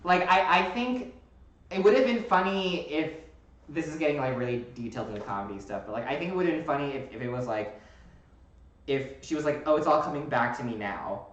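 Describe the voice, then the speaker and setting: A man's voice: a little high, fairly quick. Chatty man hosting in an echoey room. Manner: animated, rambling with fillers. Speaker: host. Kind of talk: casual chat.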